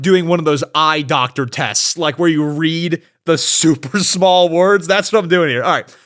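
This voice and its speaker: Young male podcast host, lively, higher-pitched, casual and animated. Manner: animated, exaggerated swings between loud and low. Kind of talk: casual chat.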